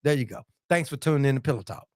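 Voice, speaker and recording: A man's voice: medium pitch, expressive, very fast, a little mellow, no echo, studio quality. A middle-aged man hosting a casual livestream, reading viewer comments aloud and joking, with a playful manner and frequent repeated phrases.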